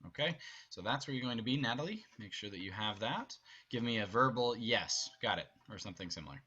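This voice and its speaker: Bright-voiced man directing an online rehearsal. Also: on the low side, animated, a little fast, breathy edge, lo-fi sound. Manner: upbeat, instructive, briefly acts out lines. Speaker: theater director. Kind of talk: online rehearsal blocking instructions. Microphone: video call.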